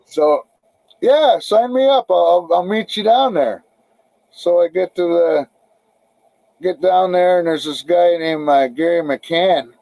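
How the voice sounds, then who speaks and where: A man's voice: fairly high pitch, slow, creaky, warm tone, dry recording, low-quality recording. Profane rambling middle-aged man. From Canada. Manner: rambling, profane, frequent restarts. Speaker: podcast guest, musician. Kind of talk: casual storytelling interview.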